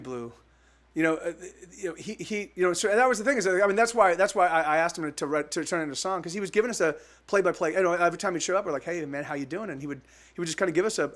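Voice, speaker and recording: A man musician on a live stream, talking haltingly between songs, choked up and full of restarts. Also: fairly high pitch, fairly bright tone. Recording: guitar music behind.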